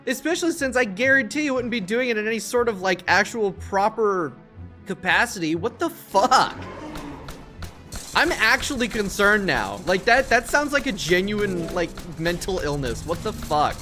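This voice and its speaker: A male streamer in a live gaming session who rants at his chat, swearing freely and sounding exasperated. His pitch jumps around a lot, and faint game music plays under his voice. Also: big pitch swings, moderate pace, bright, forceful tone. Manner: profane, ranting, exasperated at chat.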